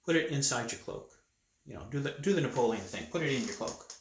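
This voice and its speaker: Man doing god, laid-back and reassuring, mid pitch, echoey room. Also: animated, fast, vocal fry. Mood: casual. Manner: casual, reassuring and playful. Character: patient, coaxing God, an adult male.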